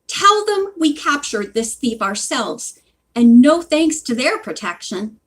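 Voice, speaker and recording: A woman voicing a shrill, suspicious shopkeeper's wife in a storybook reading. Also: very animated, slow, exaggerated voice. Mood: indignant.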